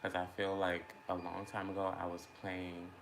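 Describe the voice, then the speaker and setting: A mukbang vlogger with a low, monotone voice talks at a normal speed while eating, with heavy background noise behind him. He rambles casually and reflectively, thinking aloud about feelings and using lots of fillers.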